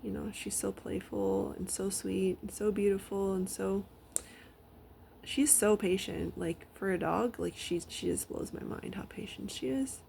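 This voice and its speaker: A woman talking casually about her dog at home, rambling with many fillers and now and then dropping to a soft whisper. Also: medium pitch, fairly even intonation, a little slow, vocal fry, a little hiss or hum. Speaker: vlogger. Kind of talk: casual personal storytelling.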